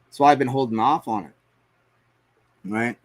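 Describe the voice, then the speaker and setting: A man's voice: medium pitch, moderate pace. A man live streaming as he paints, rambling to himself and his chat in a casual, profane way. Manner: rambling, talks to himself and chat, swears often.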